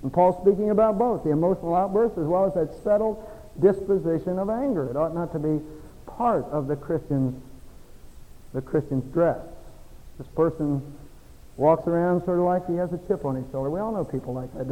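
A middle-aged man delivers a sermon in a fairly high, soft and dark-toned voice. He moves between quiet, confiding stretches and forceful exhortation, dropping in folksy, self-mocking asides. His words ring out with a long reverb from a church sanctuary. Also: a little fast. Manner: preaching with swings from soft to emphatic. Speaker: pastor.

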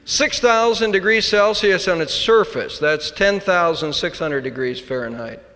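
A man preaching a sermon, swinging between hushed, quiet passages and loud, emphatic declarations. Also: sits high, expressive, unhurried. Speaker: pastor. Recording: long hall reverb.

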